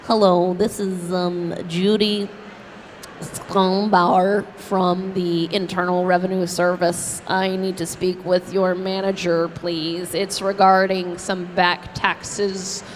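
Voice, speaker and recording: A woman putting on the voice of a stern, formal tax officer speaking on the phone, slow and officious. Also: on the low side, level tone, long reverb tail, slight background noise, voice pushed down.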